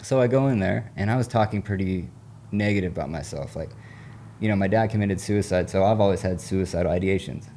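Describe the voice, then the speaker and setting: Man, recovery coach guest, low mellow voice, earnest, rambling, slangy casual storytelling. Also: a little fast, a little hiss or hum.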